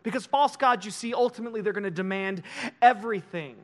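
Male pastor, high voice, animated storytelling sermon. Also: fast.

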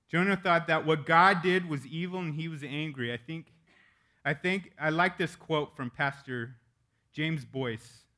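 A man's voice: mid-range voice, sharp tone. A male pastor preaching a sermon in a casual, candid way, with joking asides.

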